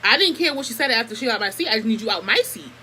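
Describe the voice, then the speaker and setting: A woman's voice: a little high, very fast, a little hiss or hum, rough recording. A young woman telling a family story to her camera in a casual, profane and heated way. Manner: profane, animated, heated retelling. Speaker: vlogger.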